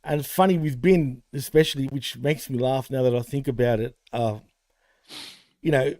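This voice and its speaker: A man on a casual podcast speaks in a mellow, warm voice that stays dry and close to the mic. He rambles heartfelt and loose, with many fillers. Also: medium pitch, moderate pace, no echo. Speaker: podcast co-host.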